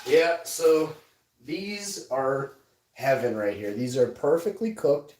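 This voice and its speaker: A man in his forties hosting a livestream, telling a story in a casual, animated way and breaking into loud excited shouting. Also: medium pitch, slow pace, distant mic. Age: 40s. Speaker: livestream host. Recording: roomy sound, off-mic.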